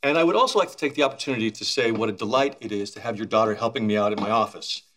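An earnest young lawyer in a sitcom who talks quickly and formally. He is polite and a little awkward as he delivers his news. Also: fairly low pitch, fairly bright tone.

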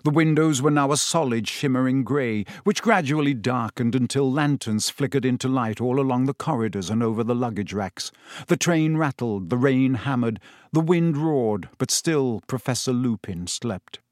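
A man narrating a storybook in a steady, measured storytelling manner. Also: mid-range voice, no room sound, studio quality. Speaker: audiobook narrator.

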